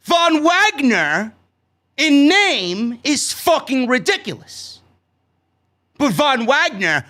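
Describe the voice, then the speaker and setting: A man with a New York accent and a high-sitting voice reviews a wrestling show. His rant is loud, sarcastic, and heavily profane, often breaking into shouts.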